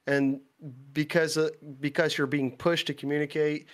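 A man's voice: on the high side, normal speed. Dutch man chatting on a podcast. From Netherlands. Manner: relaxed, talks in long winding explanations with fillers. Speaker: guest. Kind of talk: casual podcast chat.

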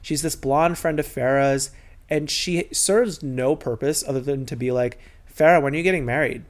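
A man hosting a podcast, chatting casually and gossiping through a reality TV recap, mimicking the people he talks about. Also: medium pitch. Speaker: podcast host.

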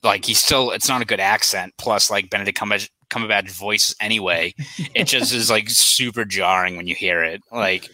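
A man's voice: fairly low pitch, fairly even intonation, moderate pace, pushed and bright, no room sound, rough recording. A man co-hosting a podcast, talking in loose, rambling casual chat full of "like" and restarts, laughing as he goes. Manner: rambling, filler-heavy, laughs while talking. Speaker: podcast co-host.

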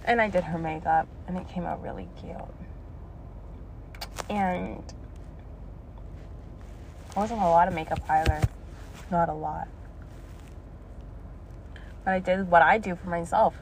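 A woman's voice: on the low side, steady tone, measured pace, vocal fry, long pauses, slight background noise. A young woman telling a story in a blunt, profane casual rant, laughing between lines. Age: young adult. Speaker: vlogger.

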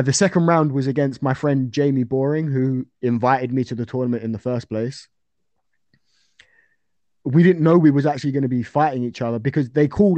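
A man's voice: mid-range voice, a little mellow, dry recording, dull audio. Chatty young man, dry close sound. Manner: chatty, rambling with fillers and restarts. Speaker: interview guest, amateur fighter. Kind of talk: casual interview chat.

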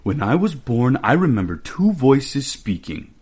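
A man reading a slow, wondering dragon. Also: mid-range voice, sing-song, darkish tone, breathy edge, pitched above the performer's own voice. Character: gentle, slow-thinking dragon.

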